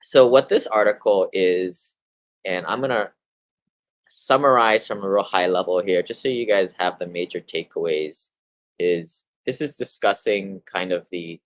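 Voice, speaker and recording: A deep-voiced man talks through a monthly real estate market update in a loose, casual way. He rambles a bit, piling up fillers and restarting his sentences. The sound is dry and close, with no room around it. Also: a little slow, no echo, poor audio. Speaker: real estate investing host.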